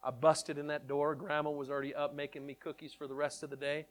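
A man telling his testimony in an animated storytelling way, excitable and repeating words in quick bursts. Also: fairly high pitch. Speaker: speaker sharing his testimony.

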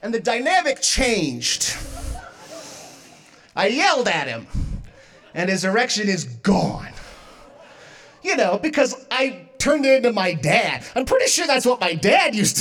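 A woman's voice: mid-range voice, huge pitch swings, measured pace, long pauses, a bit bright. A young woman doing a stand-up comedy set, self-mocking and often laughing through her lines. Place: comedy stage.

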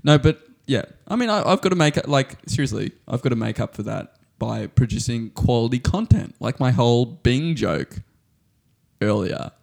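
Gravelly comedy co-host. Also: male voice, medium pitch, expressive, normal speed, darkish tone. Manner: self-deprecating, joking. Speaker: podcast co-host. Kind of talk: casual comedy banter.

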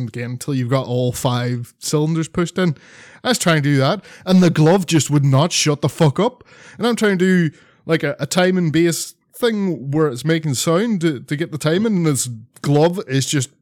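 A man's voice: medium pitch, a little mellow, no room sound. Man, casual podcast chat, sweary and rambling, dry close sound. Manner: rambling, sweary, lots of fillers and restarts. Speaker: podcast co-host.

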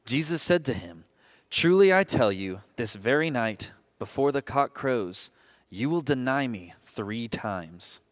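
A man reading scripture aloud in a slow, solemn group reading. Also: medium pitch, lively intonation. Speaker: scripture reader.

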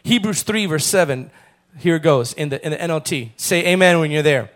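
A man preaching a sermon as pastor, calling on the congregation to repeat phrases and building to loud, fervent passages. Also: fairly high pitch, expressive, a little fast. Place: church.

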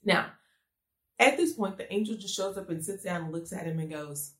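A woman's voice: on the low side, normal speed, fairly bright tone. Earnest woman preaching in an echoey room. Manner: earnest, conversational, full of rhetorical questions. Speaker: speaker giving a devotional message. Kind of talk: conversational sermon.

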